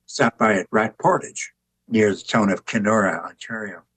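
An older man, an author and artist, telling relaxed anecdotes with wry humor in an interview. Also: fairly low pitch, breathy edge, no room sound, low-quality recording. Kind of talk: conversational interview storytelling.

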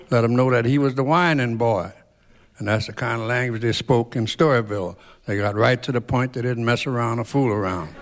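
A man introducing a song from a concert stage in a slow, folksy storytelling manner. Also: medium pitch. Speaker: banjo player and singer. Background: banjo playing.

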